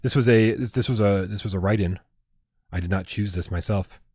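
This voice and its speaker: A man co-hosting a casual livestream chat, talking with excitable energy and swearing freely. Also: on the low side, fairly quick, husky, no echo, studio quality. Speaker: podcast co-host.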